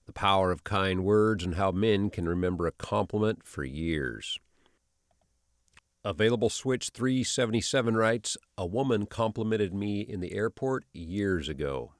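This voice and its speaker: Deep gravelly male story narrator. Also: expressive, measured pace, no echo, studio quality. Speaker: channel narrator. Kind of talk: scripted narration of online stories.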